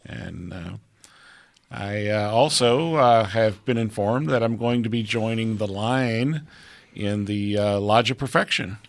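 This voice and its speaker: A man's voice: lowish voice, measured pace, creaky, no room sound. A man co-hosting a podcast in a small studio, chiming in with wry short remarks. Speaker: podcast co-host. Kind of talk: casual chat.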